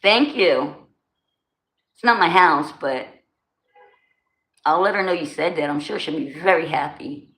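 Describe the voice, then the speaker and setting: Deep-voiced and unhurried, a New Jersey woman in her forties pauses often while casually chatting with her livestream audience. Her tone is fairly bright, she greets viewers by name in slangy talk, and faint background noise fills the roomy space.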